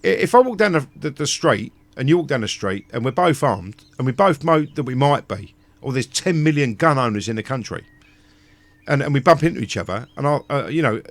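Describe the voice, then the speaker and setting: A man in a rambling live-stream rant. He is blunt and sweary, keeps restarting his sentences, and talks at an ordinary middle pitch. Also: animated, brisk, no room sound. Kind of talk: ranting casual chat.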